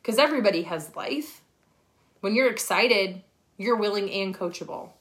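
Streaming from her phone, a woman gives her team a blunt, profane, fired-up pep talk. Her voice is medium-pitched, animated and a bit bright, at normal speed.

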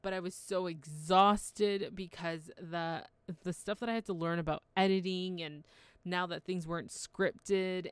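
A woman's voice: on the low side, steady tone, unhurried, clean tone, no room sound. A woman podcast host talking in a chatty, heartfelt solo monologue.

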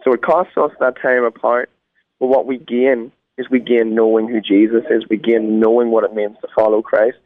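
A man's voice: mid-range voice, level tone, moderate pace, no room sound. An Irish man, a guest musician, talking earnestly in a phone interview. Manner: earnest, preacherly. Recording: tinny phone line.

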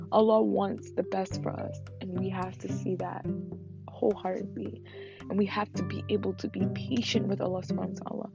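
A young woman hosting her own solo podcast, speaking earnestly and emotionally with pauses while she is fasting. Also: medium pitch, vocal fry, muffled recording. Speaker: podcast host. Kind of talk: reflective solo podcast talk.

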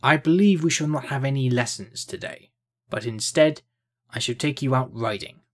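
A man voicing a stern, stoic army captain with a deep voice in a fantasy storybook reading. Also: normal speed, natural voice.

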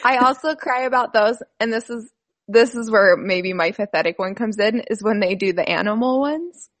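A woman's voice: on the high side, moderate pace. A woman chatting casually, earnest and emotional, who laughs easily. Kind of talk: casual chat.

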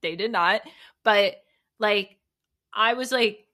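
A woman's voice: medium pitch, slow, pushed and bright. A woman hosting a solo podcast, talking candidly and reflectively in a loose, conversational way with frequent restarts. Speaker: podcast host.

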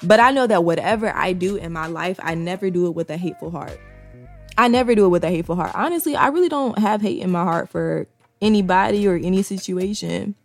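A woman's voice: fairly low pitch, fast, vocal fry, faint music behind. A woman talking candidly to her viewers in a casual monologue, swearing freely and repeating key lines for emphasis.

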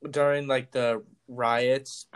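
A young man co-hosting a podcast, cutting in with dry wisecracks and quick questions. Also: medium pitch, flat delivery, smooth. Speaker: podcast co-host. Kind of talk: casual chat.

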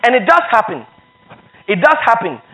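A man's voice: extremely high pitch, big pitch swings, normal speed, bright, forceful tone, low-quality recording. A man preaching a sermon as pastor, emphatic, repeating phrases for stress and reading scripture aloud.

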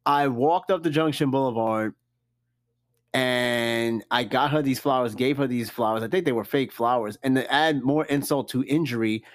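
A man hosting a casual solo podcast, reading out a list and reacting with loud, profane, joking comments. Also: medium pitch, moderate pace. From New York. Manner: animated, cussing, jokey reactions to a list. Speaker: podcast host.

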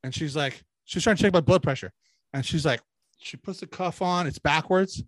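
Speaking at a normal speed in a highish, slightly raised voice, a man co-hosting a casual podcast rambles through crude tales and swears without restraint. He mimics the people he quotes in asides, and the recording is close and dry with no room sound.

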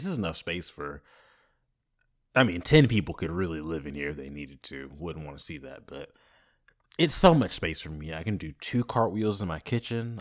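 A young man hosting his own podcast, talking casually and swinging from soft, grateful reflection to loud, playful bursts. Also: deep voice. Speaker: podcast host. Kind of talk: casual solo podcast monologue.

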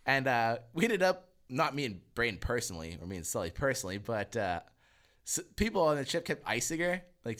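A man's voice: medium pitch, sing-song, a little fast, a bit bright. A man co-hosting a podcast, telling stories casually, swearing and laughing as he acts out quotes. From Canada. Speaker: podcast co-host. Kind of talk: casual storytelling chat.

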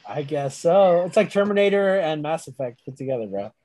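High-voiced young man telling rambling stories. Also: expressive, brisk, mellow, low-quality recording. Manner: rambling, profane storytelling with frequent laughter. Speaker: podcast co-host. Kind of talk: casual chat.

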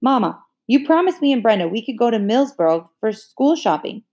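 A woman's voice: on the high side, big pitch swings, a little fast, darkish tone, pitched above the performer's own voice. A woman voicing a prim, bossy teenage girl who corrects others and sweet-talks.

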